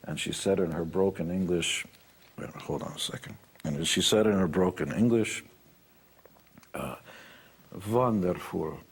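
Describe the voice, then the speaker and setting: A man's voice: low voice, moderate pace, slightly rough. An older man telling stories as a motivational speaker, blunt and boastful. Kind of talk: storytelling talk.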